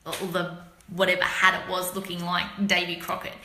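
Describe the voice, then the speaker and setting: An Australian woman chats with her live viewers in a loose, rambling way, full of slang and asides to people by name. Her voice is very bright and sharp, and the room gives it a noticeable echo. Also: on the low side, monotone, normal speed, a little hiss or hum. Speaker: livestream host chatting with viewers. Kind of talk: casual live chat. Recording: roomy echo.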